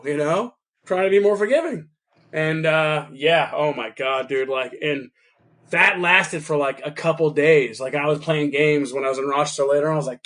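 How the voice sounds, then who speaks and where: Animated man telling a story on a podcast. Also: on the high side. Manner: animated storytelling, acting out both sides of a call, swearing. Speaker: podcast co-host. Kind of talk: casual podcast chat.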